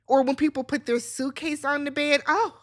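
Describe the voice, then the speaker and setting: A woman from Milwaukee hosting a casual talk show, playful and animated with lots of laughter. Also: sits high, normal speed. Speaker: show host. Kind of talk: casual podcast chat.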